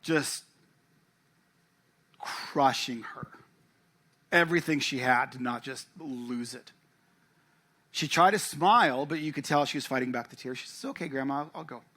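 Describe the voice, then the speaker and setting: A man's voice: mid-range voice, measured pace, long pauses, sharp tone. A man preaching a sermon, telling a personal story and acting out family dialogue. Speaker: pastor. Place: church.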